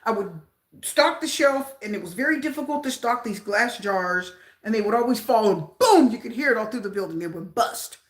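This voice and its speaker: Chatty woman reading tarot in a roomy echo. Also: mid-range voice. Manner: chatty, repeats herself, asks viewers questions. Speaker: tarot reader. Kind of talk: casual tarot reading for viewers.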